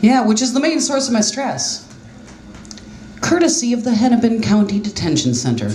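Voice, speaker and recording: A woman's voice: on the high side, animated, moderate pace, darkish tone, slight background noise. A middle-aged woman doing a stand-up comedy set, telling self-deprecating stories in a chatty, conversational way on a small club stage. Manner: self-deprecating, conversational storytelling with quoted voices. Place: small jazz club stage, live audience laughing. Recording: roomy club sound with faint ambience.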